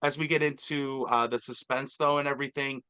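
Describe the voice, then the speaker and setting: A man's voice: mid-range voice, steady tone, fairly quick, sharp tone, clean tone. A man hosting a casual movie review chat, talking enthusiastically and rambling with fillers. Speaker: podcast host.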